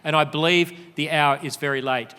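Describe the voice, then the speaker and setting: A man's voice: a little high, steady tone, a little fast, pushed and bright, clear, resonant tone, big-room sound. A middle-aged Australian man giving an earnest, emphatic conference speech, with frequent fillers. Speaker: speaker. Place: large conference hall.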